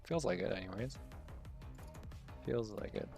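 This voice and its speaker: A man's voice: fairly low pitch, expressive, a little slow, creaky, a little mellow, soft background music. A man streaming live while coding, muttering, swearing and laughing at his own frustration. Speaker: livestreaming game developer.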